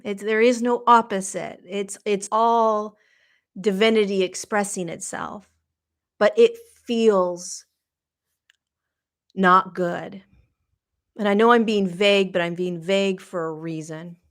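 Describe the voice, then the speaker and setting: A middle-aged woman with a medium-pitched voice hosts a podcast, delivering a slow, reflective spiritual monologue. She halts often and grows emotional as she searches for the right words.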